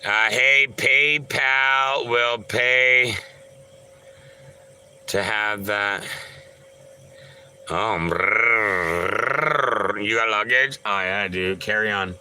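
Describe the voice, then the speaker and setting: Slow, bright-voiced man chatting on a livestream. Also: on the low side, slight background noise, poor audio. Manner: rambling, jokey, greets viewers by name. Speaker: livestreamer reading chat. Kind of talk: casual live-stream chat.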